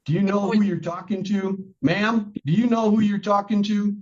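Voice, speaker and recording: A man's voice: sits high, flat delivery, moderate pace, highs cut off. A man presiding as a judge at a court hearing, stern and lecturing.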